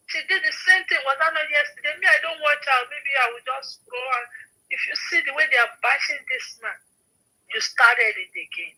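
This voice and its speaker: A woman's voice: high-pitched, brisk, pushed and bright, poor audio. A woman with a Nigerian accent in an emphatic, scolding casual gossip chat, repeating herself for emphasis.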